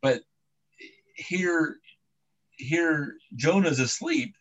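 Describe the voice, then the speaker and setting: A man's voice: on the high side, big pitch swings, very slow, lo-fi sound. A man preaching a sermon, retelling the story in a casual, conversational way with asides and restarts.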